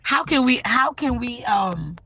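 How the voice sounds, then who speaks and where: A woman's voice: on the high side, animated, a little slow, sharp tone, slight background noise, rough recording. A woman hosting a casual spiritual livestream, talking with feeling and often checking in with "right?". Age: adult parent. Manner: emotional, tearful at times, many "right?" asides. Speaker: livestream host.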